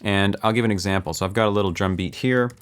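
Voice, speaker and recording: A man teaching music production, explaining calmly with the odd um and counting beats aloud softly. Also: fairly low pitch, quick pace, smooth. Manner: explains calmly with filler ums. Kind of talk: relaxed screen-recorded lesson.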